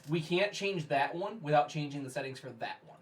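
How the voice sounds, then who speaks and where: A man's voice: a little high, a little fast. Man, mid-range voice, matter-of-fact, casual stream chat, a bit distant from the mic. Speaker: stream co-host and card player.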